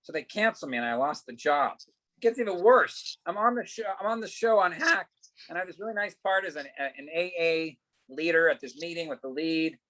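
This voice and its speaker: Animated middle-aged man telling stories. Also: on the high side, brisk, low-quality recording. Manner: animated, acts out quoted dialogue, swears casually. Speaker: actor guest. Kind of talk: casual interview storytelling.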